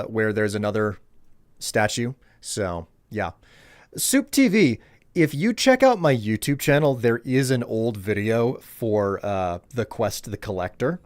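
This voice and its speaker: Playful male streamer, very expressive pitch, casual running commentary to chat while gaming. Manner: chatty, playful, talks to himself while playing. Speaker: game streamer.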